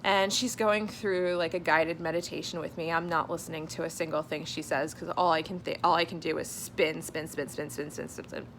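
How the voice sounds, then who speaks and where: A woman's voice: sits low, fairly even intonation, brisk, few pauses, a bit bright, slight background noise. A young woman vlogging at home, candid and chatty, sometimes dropping to a whisper. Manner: chatty and candid, many fillers, drops to a whisper at times. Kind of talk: casual personal vlog.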